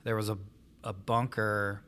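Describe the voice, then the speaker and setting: A man with a fairly low voice asks questions in a casual interview. He hesitates and fills pauses as he talks, and keeps a relaxed, conversational tone. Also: slight background noise.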